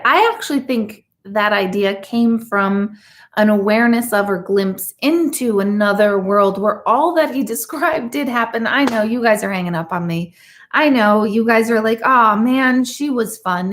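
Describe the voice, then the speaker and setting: A middle-aged woman with a mid-range voice hosts a live chat stream, talking casually and animatedly with her viewers. She often slips into quick mock voices.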